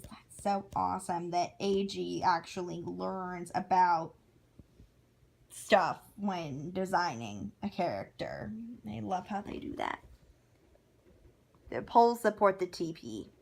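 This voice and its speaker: A woman's voice: mid-range voice, a little slow, gravelly. Chatty woman vlogger reading aloud. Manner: chatty and gushing, with frequent asides and self-corrections. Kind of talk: casual chat while reading aloud from a book.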